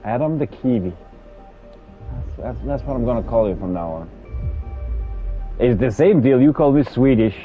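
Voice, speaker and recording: A man's voice: medium pitch, expressive, moderate pace, long pauses, narrow, tinny audio, soft background music. A Danish man with a Danish accent, streaming a game and chatting casually, repeating words as he talks. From Denmark. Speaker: gaming streamer. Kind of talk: casual chat while playing a game.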